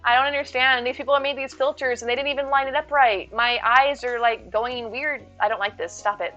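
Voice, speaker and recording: A woman's voice: high voice, steady tone, fairly quick, pushed and bright, lo-fi sound, faint music behind. A woman streaming live and chatting with viewers, playful and silly, full of jokes and puns.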